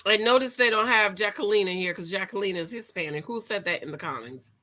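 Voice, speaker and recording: A woman with a bright, forceful voice runs through a reality-show episode in a casual recap. She is chatty and emphatic, talks straight to her viewers, and flares into loud, excited outcries. Her pitch sits mid-range for a woman. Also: quick pace.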